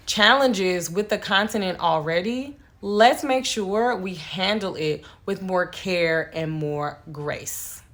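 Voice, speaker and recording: A woman from the United States speaking earnestly and directly in a vlog. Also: medium pitch. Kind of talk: vlog commentary.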